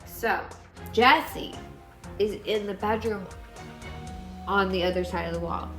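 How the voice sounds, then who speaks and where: A woman host telling a comic drunk-history style retelling in an animated, gossipy way. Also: medium pitch, slow pace, over music. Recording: echoey room.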